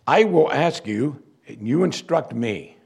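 A man voicing God as a stern, almighty speaker, slow, solemn and commanding. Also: mid-range voice, expressive, gravelly, darkish tone, husky, full character voice.

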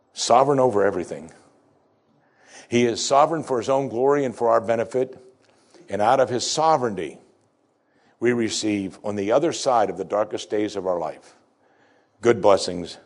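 A man with a fairly low voice delivers a sermon to his congregation. He tells a story with deliberate dramatic pauses, and he slows down to stress the lines that matter. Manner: emphatic, slows for key phrases. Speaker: pastor.

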